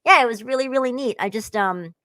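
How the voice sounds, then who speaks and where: A woman's voice: fairly high pitch, fairly quick, bright, forceful tone, no room sound. A woman in her forties chatting as a guest, telling rambling, laughing stories with lots of fillers. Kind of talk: casual chat, storytelling.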